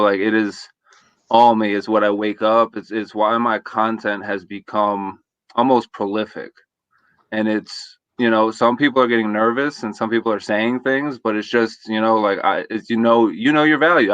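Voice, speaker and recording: A man guest on a live show answers questions in a relaxed, rambling way, full of fillers. His voice sits low. The sound is dry and muffled, like a video call. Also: no echo. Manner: casual, rambling, filler-heavy. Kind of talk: interview conversation.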